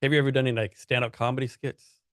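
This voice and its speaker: Man, podcast host, rambling questions, mid pitch, dry sound. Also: little pitch movement, rapid-fire, smooth, no echo. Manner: rambling questions with many fillers. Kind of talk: casual interview chat.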